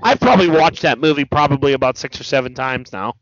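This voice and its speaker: A man hosting a casual chat about movies, talking in an animated way and swearing freely. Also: mid-range voice, fast, no echo. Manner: animated, swearing, quotes movie lines in mock voices. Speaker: podcast host. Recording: dull lo-fi sound, dry.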